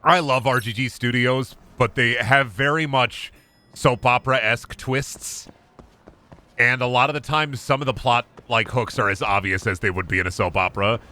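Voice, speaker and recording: A male game streamer chats casually over his gameplay, animated and joking, with plenty of profanity. His voice is bright and forceful. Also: mid-range voice, moderate pace. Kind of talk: casual live-stream commentary.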